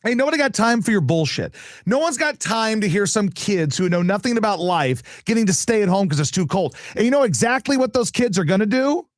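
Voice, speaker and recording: A man's voice: sits high, expressive, fairly quick, dry recording, studio quality. A male show host ranting casually, profane, exasperated and sarcastic. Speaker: radio and live-stream host.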